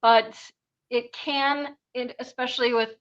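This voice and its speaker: A woman co-hosting a podcast, full of fillers and dry sarcasm. Her voice sits somewhat high. The sound is a little muffled and lo-fi. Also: fairly even intonation, a little slow, a bit bright. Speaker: podcast co-host. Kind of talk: casual chat.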